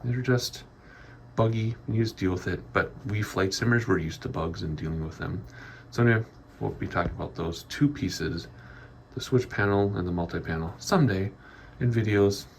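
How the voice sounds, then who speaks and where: A man's voice: on the low side, normal speed, vocal fry, a little hiss or hum. A man giving a chatty, rambling tour of his home office studio, a little out of breath. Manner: rambling, chatty, frequent ums. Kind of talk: casual walkthrough vlog.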